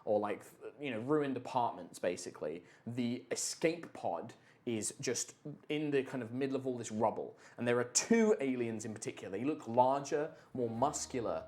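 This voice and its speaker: A man's voice: medium pitch, expressive, normal speed, darkish tone. A man running a tabletop superhero game, describing scenes with loose, filler-heavy narration. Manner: rambling descriptions with many fillers. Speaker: game master.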